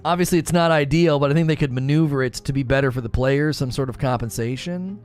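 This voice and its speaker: A man's voice: medium pitch, quick pace, darkish tone, clean tone, soft background music. A man hosting a gaming live stream, talking casually, rambling, joking and repeating himself as he reads chat.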